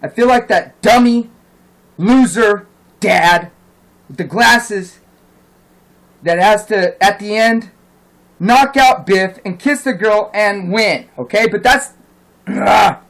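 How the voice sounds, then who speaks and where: A man's voice: high-pitched, takes it slowly, long pauses, fairly bright tone, rough recording. A man delivering a heated, profane rant as a vlogger, indignant and insistent. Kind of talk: angry ranting monologue.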